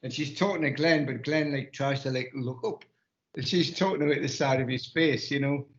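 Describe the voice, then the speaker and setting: A man rambling in a halting way on a finance podcast panel, often restarting his sentences. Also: mid-range voice. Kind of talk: casual panel chat. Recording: muffled audio in a roomy space.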